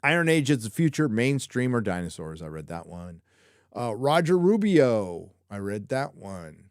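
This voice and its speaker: A man's voice: medium pitch, big pitch swings, normal speed, no echo, clean studio sound. A man hosting a live show, chatting casually and rambling through viewer questions with lots of swearing and jokes. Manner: profane, rambling, joking. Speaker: live show host answering viewer chat. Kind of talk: casual live-stream chat.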